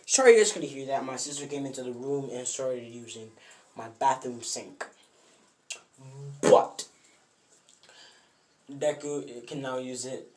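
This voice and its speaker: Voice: medium pitch, unhurried, pauses often, a little mellow. A narrator telling a fan what-if story off the cuff at home, rambling with many fillers and self-corrections. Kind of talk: casual improvised storytelling. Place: bedroom at home.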